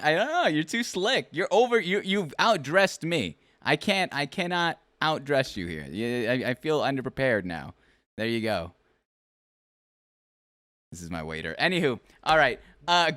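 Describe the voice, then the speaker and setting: A man hosting a casual talk show with a lively, swinging pitch. He rambles and restarts as he teases his guest. The sound is dry and close. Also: clean tone, dry recording. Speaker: podcast host. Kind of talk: casual chat.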